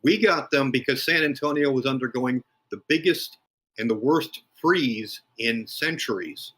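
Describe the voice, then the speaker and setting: A man's voice: mid-range voice, measured pace, a bit bright, breathy edge, poor audio. A man in his fifties, a podcast guest, telling dry, wry anecdotes in a casual chat.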